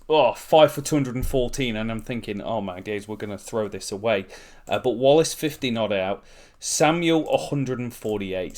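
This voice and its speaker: A man talks through a let's-play session in a voice of ordinary middle pitch. He is chatty and excitable, cracking jokes between stretches of commentary. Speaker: gaming channel host.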